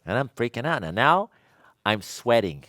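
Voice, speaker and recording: A man's voice: mid-range voice, big pitch swings, moderate pace, pushed and bright. A middle-aged man, an electrical instructor, telling an anecdote to a class and acting out both sides of the conversation. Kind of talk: storytelling anecdote in a lecture.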